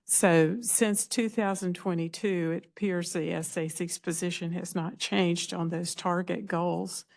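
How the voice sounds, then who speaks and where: Gravelly, flat-voiced woman commissioner. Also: on the low side. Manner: deliberate, searching for words. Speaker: commission member. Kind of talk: questioning at a public meeting.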